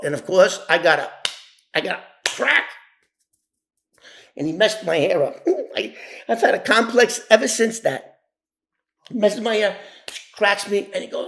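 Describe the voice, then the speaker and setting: A man telling an animated street story, acting out the voices of others and often restarting his sentences. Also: high voice, normal speed. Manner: animated, acts out quoted voices, many restarts. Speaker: former mob associate telling his story. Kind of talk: casual spoken storytelling.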